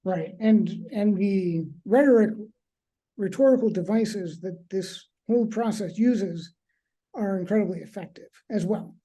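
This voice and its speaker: A woman's voice: mid-range voice, a little slow, warm tone. A woman hosting a discussion, hesitant and thinking aloud with many fillers. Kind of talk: discussion talk.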